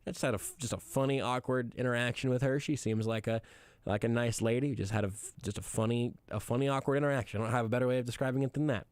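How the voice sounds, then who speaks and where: A male sports radio host with a smooth, resonant voice, rambling casually and joking his way through the news, with plenty of fillers and restarts. The sound is dry and close, as from a studio mic with no room around it. He sits at an everyday middle pitch. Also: steady tone, fast talker, a little mellow, no room sound. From Kansas City area. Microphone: studio microphone.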